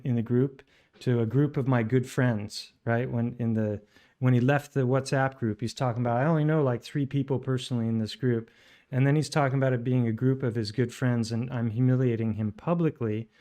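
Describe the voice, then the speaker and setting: A man's voice: mid-range voice, level tone, moderate pace, warm tone. Guy cutting in over clips, sarcastic, rebutting every claim. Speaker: video host.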